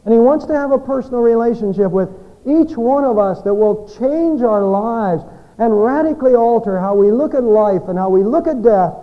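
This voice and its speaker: A high-voiced man preaches with strong rises and soft, hushed drops at the ends of his phrases. The recording is a little dull and lo-fi. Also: lively intonation, normal speed. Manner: dynamic preaching, swinging between loud peaks and hushed endings. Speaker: pastor. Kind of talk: Christmas sermon with storytelling.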